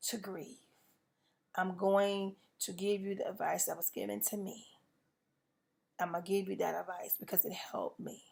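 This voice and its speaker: A woman's voice: medium pitch, gravelly. A woman, hosting a podcast and speaking tenderly and earnestly to listeners with many "you know" fillers. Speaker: podcast host. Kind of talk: personal reflection to listeners.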